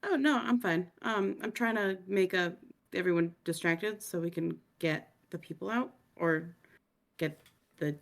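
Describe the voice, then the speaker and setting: A woman's voice: on the low side, measured pace, gravelly. A woman playing a tabletop role-play, talking in a casual, hesitant, rambling way. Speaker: player. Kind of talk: casual tabletop game talk.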